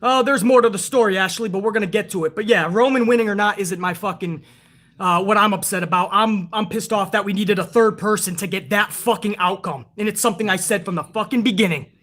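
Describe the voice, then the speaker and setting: A man with a high-pitched, slightly bright voice talks fast while hosting a wrestling review livestream. It's casual commentary: he rants with plenty of profanity and reads out chat messages.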